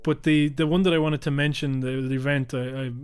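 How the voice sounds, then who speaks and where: A man's voice: little pitch movement, brisk, clear, resonant tone. Sweary man ranting on a podcast. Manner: sweary, heated, mimics politicians with sharp pitch jumps. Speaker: podcast co-host. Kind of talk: casual political chat. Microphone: podcast microphone close to mouth.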